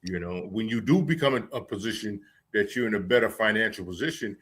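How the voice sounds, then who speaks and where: A man guest in a casual interview, telling stories slowly and haltingly with restarts. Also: lowish voice, a bit bright, slight background noise. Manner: slow, halting storyteller with restarts. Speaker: guest, former security man.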